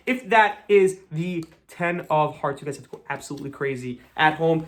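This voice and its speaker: A man's voice: a little high, normal speed, few pauses. A young American man doing live magic patter, chatty and joking at his own expense. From United States. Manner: chatty, joking, self-deprecating.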